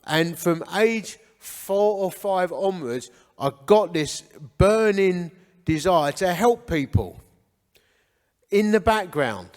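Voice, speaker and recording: A forties-aged man with an Essex English accent, originally from Essex, England, founded a men's ministry and now tells his life story at a church breakfast for men, held in a church hall. His voice sits high, with lively intonation, a slow pace and a darkish tone, and a long reverb tail hangs on it. The testimony talk is earnest and conversational.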